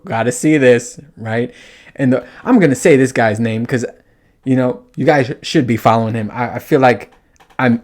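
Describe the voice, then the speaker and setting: A man hosting a podcast, telling a story in a casual monologue, swearing often and acting out his own reactions. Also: mid-range voice. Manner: animated, profane, acts out his own reactions. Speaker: podcast host.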